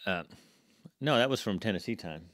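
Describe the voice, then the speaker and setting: A man's voice: on the low side, animated, moderate pace, fairly bright tone, dry recording, studio quality. A man from Southern California co-hosting a casual reaction show, playful and teasing as he reads comments. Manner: playful, teasing, laughs often. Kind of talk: casual chat, reading comments aloud.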